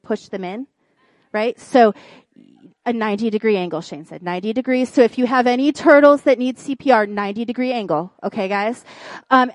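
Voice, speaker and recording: A woman preaches in church, spinning a comic story with lively, animated delivery. Her voice sits a bit high, and the sound is dry and close. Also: no room sound. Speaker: pastor's wife preaching. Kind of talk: sermon with a humorous personal story.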